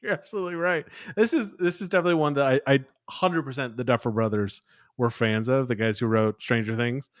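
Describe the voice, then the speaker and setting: A man's voice: mid-range voice, fairly quick, no echo, clean studio sound. A man co-hosting a podcast, chatting casually about a film, rambling and eagerly agreeing. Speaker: podcast co-host. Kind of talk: casual movie chat.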